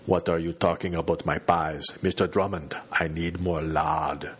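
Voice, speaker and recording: A man voicing a giant man who intones very slowly in an impossibly deep, hollow voice. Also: flat delivery, fairly bright tone, husky, exaggerated voice. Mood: bewildered.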